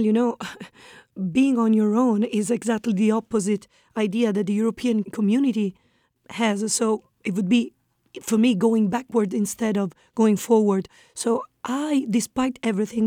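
A woman's voice: a little high, moderate pace, warm tone, no room sound, clean studio sound. A woman from Italy with an Italian accent, speaking earnestly as a guest on a radio interview, often restarting and repeating words.

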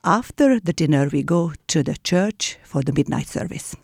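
A man's voice: on the high side, lively intonation, moderate pace, creaky, darkish tone, breathy edge, no echo, clean studio sound. A man with a Hungarian accent, a tour guide speaking enthusiastically in a radio interview.

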